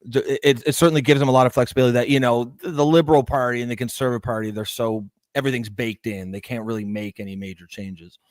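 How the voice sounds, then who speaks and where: A man's voice: mid-range voice, fairly even intonation, fast, hardly any pauses, dry recording. A man, co-hosting a casual political chat, hesitant and full of fillers, reading out viewer comments. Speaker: podcast co-host.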